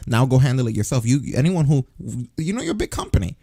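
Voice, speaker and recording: Male podcast co-host, sarcastic and profane, mellow dark tone, dry close sound. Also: medium pitch, sing-song, fast, vocal fry, no room sound. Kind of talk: casual news chat.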